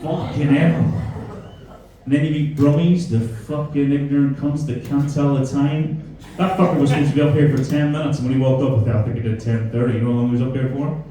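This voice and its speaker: A Belfast man doing stand-up, swearing freely and teasing the crowd in a slightly high, mellow voice. He sounds far from the mic, and heavy echo from the room fills every line. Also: steady tone, fairly quick. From Northern Ireland. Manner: sweary, mocking crowd banter. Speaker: stand-up comedian. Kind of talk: stand-up comedy set. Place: comedy club stage before a live audience. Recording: very echoey room, voice from a distance.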